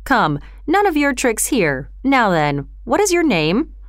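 A woman's voice: fairly high pitch, wildly swooping pitch, a little slow, no room sound, clean studio sound. A woman voicing a stern, scornful older male magistrate who talks in a curt, dismissive way in a storybook reading.

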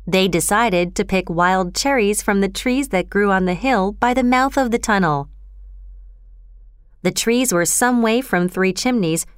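A woman narrating a children's storybook in an even, measured reading. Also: medium pitch, smooth, no echo, clean studio sound.

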